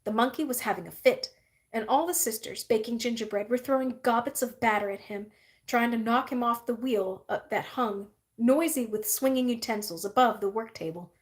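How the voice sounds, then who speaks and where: A woman reading a novel aloud in a steady, even narrating manner. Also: a little high, normal speed. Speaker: reader. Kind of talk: audiobook-style novel reading.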